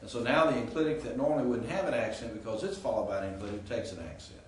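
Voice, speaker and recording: A man's voice: mid-range voice, rapid-fire, recorded from a distance. A man lecturing on grammar to a class in an informal, explanatory way, often checking in with the students. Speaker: Greek professor. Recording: echoey classroom recorded from afar with faint hiss.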